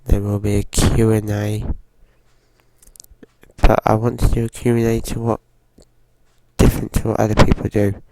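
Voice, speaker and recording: Man, low dark voice, very flat delivery, groggy with a cold, hesitant game commentary. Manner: slow, hesitant, with frequent fillers. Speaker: gaming channel host.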